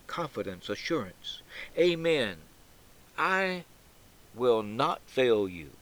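A male preacher delivering a sermon at a slow, deliberate pace in a mid-range voice. He leans hard on key words, then lets phrase endings sink almost to a whisper. The tone stays solemn and emphatic throughout. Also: medium pitch, poor audio. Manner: swells loud on key words and drops to a near whisper at phrase ends.

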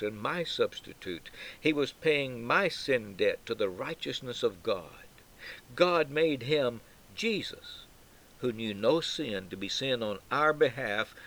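Delivering a sermon, a man speaks slowly and solemnly, swelling on key words, pausing dramatically, and dropping nearly to a whisper at phrase ends. His voice is medium-pitched and fairly bright, though the recording is rough.

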